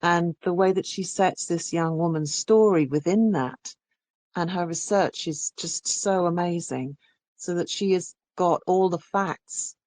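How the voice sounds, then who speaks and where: A woman's voice: on the low side, a little mellow, dry recording. A woman audiobook narrator from England, talking enthusiastically in an interview. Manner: enthusiastic, restarts phrases. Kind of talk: conversational interview.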